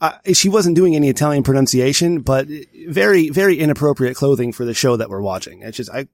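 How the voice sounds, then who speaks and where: A man hosts a casual podcast chat, guiding the talk from one guest to the next with dry jokes. His voice is gravelly and mid-pitched. He sounds close and dry on a studio mic. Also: fast, a little mellow, dry recording. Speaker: podcast host.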